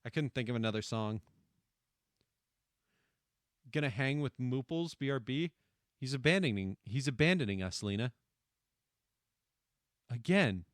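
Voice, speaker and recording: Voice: mid-range voice, animated, moderate pace, long pauses, no echo, clean studio sound. A game streamer reading dialogue aloud and joking around, playful, swearing often, trying out silly voices. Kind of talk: casual gameplay commentary reading dialogue aloud.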